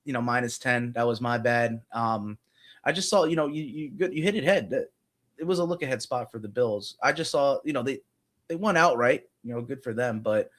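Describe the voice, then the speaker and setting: A man's voice: mid-range voice, normal speed, a bit bright. A man co-hosting a sports betting podcast, talking casually and thinking aloud with lots of fillers. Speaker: podcast co-host.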